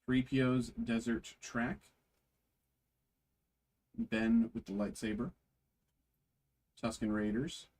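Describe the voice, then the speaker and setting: A man hosting a trading card break, reading card names aloud slowly with frequent fillers. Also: mid-range voice, animated, a little mellow, low-quality recording.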